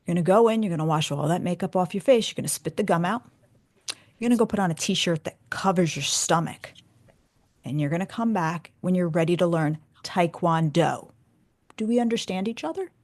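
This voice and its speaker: A woman's voice: lowish voice, brisk, a little mellow, natural voice. A woman quoting a stern male martial arts instructor, giving curt, commanding orders in a raised voice. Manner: barking, commanding.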